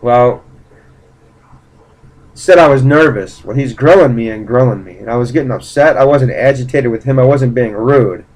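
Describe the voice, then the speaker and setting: A man's voice: medium pitch, normal speed, darkish tone, rough recording. A man casually recounting a personal story in a blunt, profane way, rambling with fillers and restarts. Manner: blunt, profane, indignant retelling. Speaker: vlogger.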